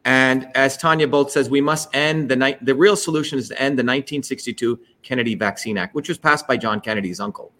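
A man hosting a political livestream, giving a heated, profane speech that rises to shouts. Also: medium pitch, a little fast, few pauses. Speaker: host.

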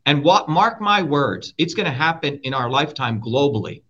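A man's voice: on the high side, animated, normal speed, sharp tone. A man being interviewed as a political candidate, talking in a combative, emphatic way and swearing often. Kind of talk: heated interview talk. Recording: muffled lo-fi sound.

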